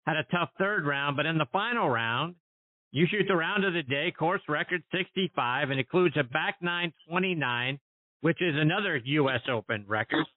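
A man's voice: fairly high pitch, lively intonation, normal speed, no room sound. Man, podcast host, recites stats, dry close sound, phone-like audio. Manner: reads out career stats before asking. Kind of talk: interview questions.

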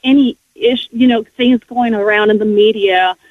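A woman's voice: fairly high pitch, steady tone, normal speed, no room sound. A woman speaks earnestly and from the heart, sharing her personal faith story as a guest on a radio show. She often stops and restarts her sentences. The sound is thin and tinny, like a phone line, and completely dry. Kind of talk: emotional personal testimony.

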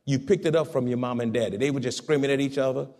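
Fervent preacher with a gravelly voice. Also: male voice, fairly even intonation, fast talker. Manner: fervent, swings from loud exhortation to soft, low asides. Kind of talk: sermon.

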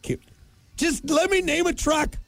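A man's voice: very high-pitched, steady tone, measured pace, vocal fry, fairly bright tone, no room sound. A man, co-hosting a show in casual, playful banter and reading listener answers aloud. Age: 30s. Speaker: radio show co-host.

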